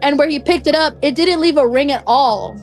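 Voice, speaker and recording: A woman's voice: high-pitched, a little fast, faint music behind. A young woman casually telling a personal story, chatty and full of "like" fillers. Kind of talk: casual spoken anecdote.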